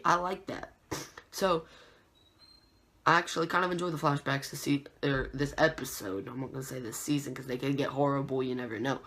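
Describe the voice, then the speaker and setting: Low-voiced woman rambling through a review. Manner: rambling, restarts and corrects itself, excitable. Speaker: TV show reviewer. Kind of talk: casual video review.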